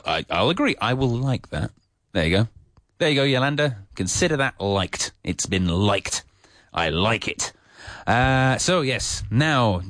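A man's voice: lowish voice, no echo, studio quality. A man teaching English on the radio, talking off the cuff with many fillers and restarts. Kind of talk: unscripted radio English lesson.

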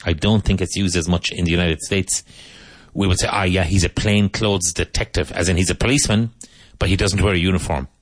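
Low-voiced male teacher, slow repetitive vocabulary drills. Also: steady tone. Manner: slow, repetitive, each word said twice. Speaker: English teacher. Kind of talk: language lesson with drills.

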